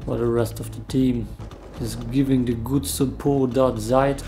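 Brief: unhurried gamer guy, dark gravelly tone, muttering play-by-play, faint background music. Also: medium pitch, level tone, a little hiss or hum. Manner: mumbling, self-deprecating play-by-play. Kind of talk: casual gameplay commentary.

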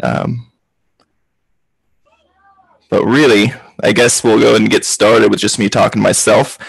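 A man's voice: fairly low pitch, steady tone, measured pace, vocal fry, slightly rough, dry recording, poor audio. A man hosting a casual football chat over a video call, chatty and rambling. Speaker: podcast host.

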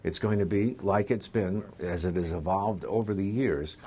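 An older man, a radio talk show host, speaking candidly in a news interview, with pauses and fillers. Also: sits low, mellow, husky. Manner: candid, plainspoken, slow with pauses.

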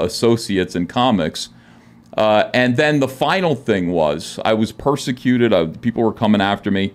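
Low-voiced man telling a story, halting. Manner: rambling, frequent "uh" fillers, acts out quoted dialogue. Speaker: guest comic artist. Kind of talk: podcast interview storytelling. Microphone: studio podcast microphone.

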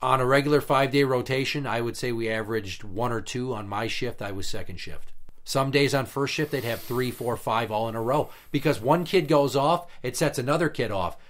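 A man's voice: medium pitch, brisk. Blunt, profane man venting. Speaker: podcast guest telling work stories. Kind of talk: casual podcast chat.

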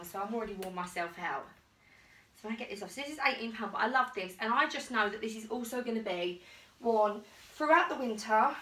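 Trying on clothes at home, a woman vlogs in a chatty, rambling, enthusiastic haul. Her voice is on the high side with a sharp tone, and the distant mic captures an echoey room plus slight background noise.

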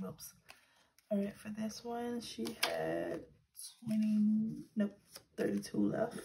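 A woman in her thirties chatting casually as a budgeting vlogger. She talks softly, slips into whispers while counting cash and rambles when she vents. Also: medium pitch, takes it slowly, vocal fry, slight background noise, rough recording. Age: 30s. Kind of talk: casual vlog chat.

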